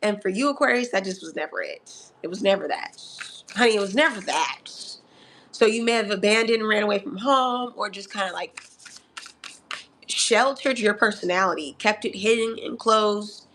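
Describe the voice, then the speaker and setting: Sassy live tarot reader, woman, medium pitch, animated and teasing with lots of laughs. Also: normal speed, slight background noise. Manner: sassy, animated, calls the audience honey and darling; laughs often between remarks. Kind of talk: live astrology tarot reading.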